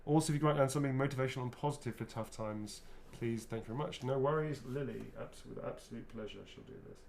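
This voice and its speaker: A man's voice: mid-range voice, fast talker, creaky, darkish tone, a little hiss or hum. A man, a voice actor, chatting loosely while signing autographs and answering fan questions, often restarting his sentences. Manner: rambling, self-correcting, chatty.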